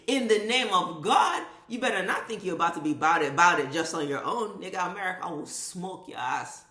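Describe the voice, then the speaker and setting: Woman vlogger, bright forceful voice, profane emphatic rant, echoey room. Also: mid-range voice, sing-song, moderate pace. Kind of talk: impassioned commentary rant.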